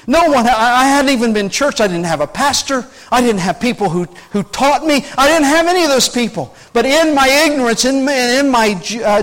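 A man's voice: very high-pitched, rough recording. A man preaching an earnest, conversational sermon, often restarting his phrases and asking his listeners questions. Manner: earnest, animated, frequent restarts, asks the audience questions. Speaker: pastor.

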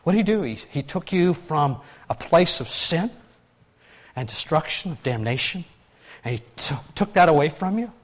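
A man preaching a sermon as pastor, animated and emphatic, with frequent restarts and loud peaks. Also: fairly high pitch, moderate pace.

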